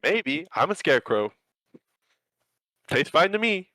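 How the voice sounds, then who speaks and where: A man's voice: fairly high pitch, big pitch swings, unhurried, bright, forceful tone, no echo, voice pushed up, exaggerated voice. A man doing a dapper scarecrow merchant. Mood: amused. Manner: formal, tries an accent then drops it.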